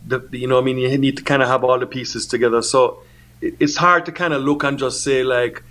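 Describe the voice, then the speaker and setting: A man's voice: mid-range voice, fairly even intonation, fairly quick, a bit bright. Easygoing man filling in with "you know". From Jamaica. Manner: easygoing, peppered with "you know what I mean". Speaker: music producer guest. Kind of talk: casual interview answers.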